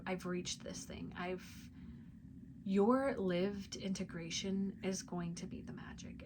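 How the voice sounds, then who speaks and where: A spiritual reader who hosts a channel shares an intuitive message with her viewers in a mid-range voice, soft and intimate, often sinking to a near-whisper. She uses many casual fillers, and the background is noisy.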